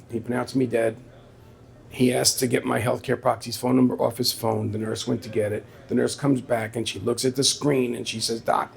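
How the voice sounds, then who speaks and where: A man with a mid-range voice and noticeable vocal fry recounts something from his own life at a live story slam. He keeps it conversational, quoting people from the story, in a small venue with an audience present.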